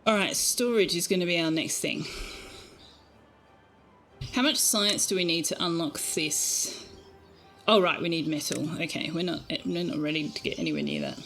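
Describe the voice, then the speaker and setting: A woman's voice: fairly low pitch, very animated, normal speed, pauses often, a bit bright, soft background music, low-quality recording. A woman chatting casually while streaming a game from home, talking to her viewers and now and then to her cat. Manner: chatty, talks baby talk to her cat. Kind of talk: casual live-stream chat. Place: home room with birds outside. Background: birdsong from outside.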